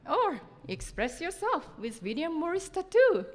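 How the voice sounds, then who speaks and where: Japanese-accented woman, slow, chatty conference speaker, big reverberant hall. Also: high-pitched, big pitch swings, a little hiss or hum. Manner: chatty, self-joking, laughs often. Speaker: seminar speaker. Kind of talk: conference talk.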